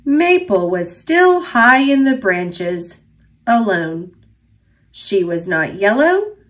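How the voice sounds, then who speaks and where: A woman reading a children's picture book aloud in a gentle, expressive narrating voice. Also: mid-range voice, takes it slowly. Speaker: storybook reader.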